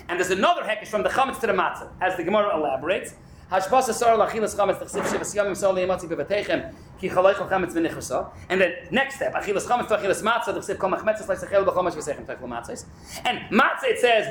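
A man with a very high voice teaches a Talmud class at a fast clip, animated and often shouting. He sounds roomy and echoey. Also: slight background noise. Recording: echoey room.

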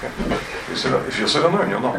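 Gravelly-voiced man teaching Talmud class. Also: medium pitch, fast talker, heavy background noise. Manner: animated, rhetorical questions, addresses students. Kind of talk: lively Talmud class lecture. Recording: echoey room, voice from a distance.

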